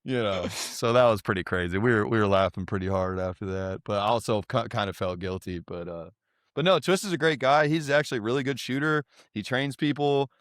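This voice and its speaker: A man in his thirties, a podcast guest, telling lively stories in casual chat and mimicking his friends' voices. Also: lowish voice, brisk, dry recording, clean studio sound. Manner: animated, mimics voices when quoting friends. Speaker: guest, content creator. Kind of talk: casual storytelling.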